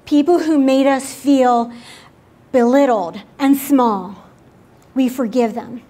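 A woman pastor leading an altar call and prayer in a church service, gently inviting and repeating her words. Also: high-pitched, slow pace.

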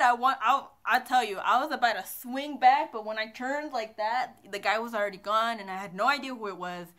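Bright, giggly young woman vlogger. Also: on the high side, brisk, hardly any pauses. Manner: chatty, giggly, animated retelling. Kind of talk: casual storytime.

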